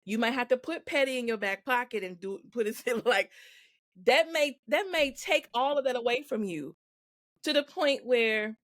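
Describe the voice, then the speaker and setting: A woman's voice: fairly high pitch, lively intonation, moderate pace, fairly bright tone, no echo. Woman guest, casual faith chat, laughs often, dry close recording. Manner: laughs often, acts out quoted voices. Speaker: podcast guest.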